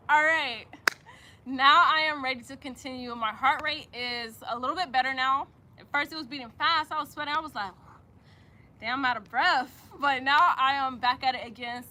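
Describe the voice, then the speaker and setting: A woman's voice: high voice, pushed and bright, slight background noise. A woman guiding an outdoor yoga practice, chatty and encouraging, calling her listeners y'all. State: out of breath at times. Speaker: yoga instructor. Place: outdoors in the sun.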